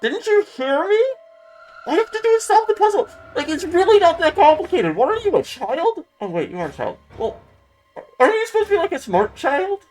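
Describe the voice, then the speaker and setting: A woman's voice: high-pitched, wildly swooping pitch, fast talker, soft background music, voice pushed up, low-quality recording. A woman playing a pompous, sneering male captor. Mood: mocking. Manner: mocking, scolding, sneering. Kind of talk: dramatic reading of a visual novel.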